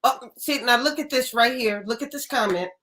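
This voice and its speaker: A woman's voice: a little high, brisk, bright, forceful tone. A woman from New Orleans hosting a casual interview, laughing often and adding short reactions. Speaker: interview host.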